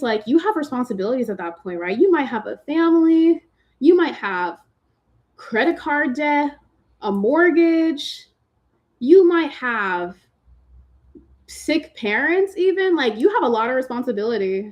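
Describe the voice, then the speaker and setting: Woman from Massachusetts, slightly high voice, slangy livestream chatter, computer mic. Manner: chatty, slangy, lots of "like" fillers, teasing viewers. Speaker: livestream host answering chat questions. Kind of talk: casual livestream chat. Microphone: computer mic on a video stream.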